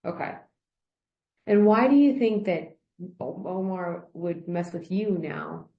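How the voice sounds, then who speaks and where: Gravelly woman asking clarifying questions. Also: lowish voice, lively intonation, slow pace, reverberant, highs cut off. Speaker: workplace investigator. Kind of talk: recorded workplace interview.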